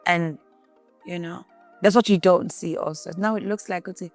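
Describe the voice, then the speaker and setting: A woman's voice: on the low side, normal speed, faint music behind. A South African woman giving a candid interview, switching between English and Zulu and acting out what others said. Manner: animated retelling, acts out quotes. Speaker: guest.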